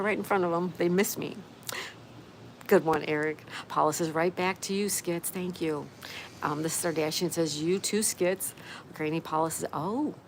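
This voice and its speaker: A woman's voice: fairly low pitch, a little hiss or hum, poor audio. Upbeat woman on an outdoor live stream. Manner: upbeat, reads out viewer comments. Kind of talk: casual chat reading live comments. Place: outdoor patio by a canal.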